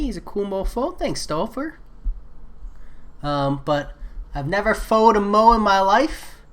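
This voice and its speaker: A man's voice: on the high side, fairly bright tone. A man chatting casually while live-streaming a game, answering viewer messages in a laid-back way.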